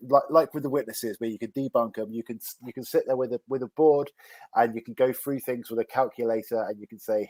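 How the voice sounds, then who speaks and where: A man chatting casually as a co-host or guest, relaxed, his phrases often trailing off softly. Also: fairly low pitch, dry recording. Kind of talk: casual live-stream chat.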